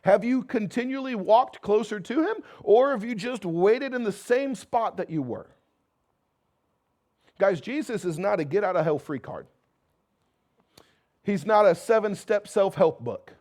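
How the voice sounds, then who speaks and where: A man preaching a sermon to his congregation with an American accent, swinging from loud emphatic calls to quiet, intimate passages and slipping in joking asides. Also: high-pitched, animated, a little slow, long pauses. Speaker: pastor. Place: church sanctuary before a congregation.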